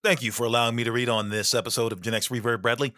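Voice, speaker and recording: A man co-hosting a casual podcast, animated and quick to get fired up, stumbling over repeated words. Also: mid-range voice, no room sound, studio quality. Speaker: podcast co-host.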